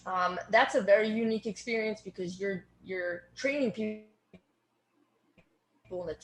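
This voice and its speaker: A woman in her thirties with a Boston accent speaks at a moderate pace in a mid-range voice. She's a strength coach appearing as a guest in a casual interview, talking earnestly and in an organized way, though with plenty of fillers. The recording has a roomy echo and faint background noise.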